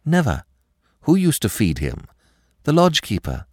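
Male reader voicing a frightened young woman, high, anxious, pleading, dry audiobook sound. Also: huge pitch swings, a little slow, dry recording, full character voice. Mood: fearful. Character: frightened young French woman, about twenty.

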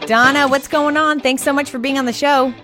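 A woman's voice: high voice, steady tone, a little fast, loud music behind the voice. A woman hosting a podcast interview, bubbly and upbeat, laughing often and tripping over her words now and then. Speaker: podcast host.

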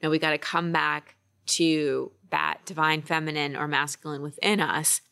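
A woman's voice: sits low, flat delivery, moderate pace, gravelly, pushed and bright, clean tone, no echo, clean studio sound. A woman relationship coach co-hosting a casual podcast chat, talking in an earnest, upbeat way.

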